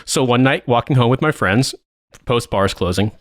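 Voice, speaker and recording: A man's voice: medium pitch, expressive, normal speed, no room sound, clean studio sound. A man in his thirties co-hosting a podcast, telling a long story in casual chat, rambling and swearing, laughing often. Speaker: podcast co-host.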